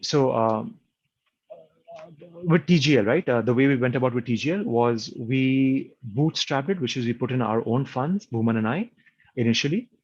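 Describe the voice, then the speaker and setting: Husky-voiced man explaining business plainly. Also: medium pitch, animated, moderate pace, no room sound. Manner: fires off long strings of rhetorical questions. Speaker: entrepreneur guest. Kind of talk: explaining a business framework in an interview. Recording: dull, muffled lo-fi sound.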